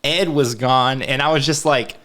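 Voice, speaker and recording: A man's voice: medium pitch, normal speed, sharp tone. Young guy co-hosting a podcast, rambly and sweary, plain middle voice. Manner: rambling, swearing, storytelling with laughs. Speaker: podcast co-host. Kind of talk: casual chat.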